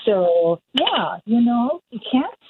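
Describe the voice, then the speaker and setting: A woman's voice: on the high side, big pitch swings, very slow. A woman calling into a radio show, friendly and earnest, sometimes giggling. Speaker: caller. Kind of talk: call-in chat. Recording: phone line with light hiss.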